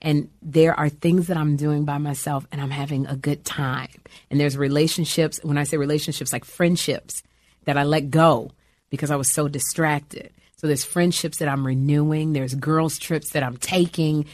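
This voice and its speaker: Middle-aged woman guest, lively storyteller, lowish voice, dry close sound. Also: normal speed, dry recording. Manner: animated storyteller, acts out quoted voices. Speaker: actress and comedian guest. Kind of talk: lively interview chat.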